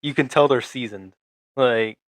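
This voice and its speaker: A man's voice: medium pitch, no echo. Rambling young man recapping a show. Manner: rambling, halting, many fillers and restarts. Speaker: podcast co-host. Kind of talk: casual podcast recap.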